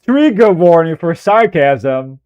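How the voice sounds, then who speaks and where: A man's voice: fairly high pitch, sing-song, slow, smooth, no room sound, highs cut off. A man chatting casually on a live stream while editing video, rambling and self-deprecating, often breaking into laughter.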